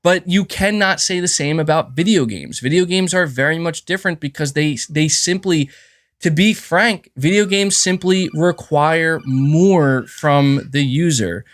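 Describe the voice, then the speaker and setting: A man's voice: a little high, a little slow, no echo, studio quality. A man talking casually on a live stream from home into a desk mic, rambling and emphatic and often restarting his sentences. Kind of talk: casual livestream monologue. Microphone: desk mic with adjustable gain.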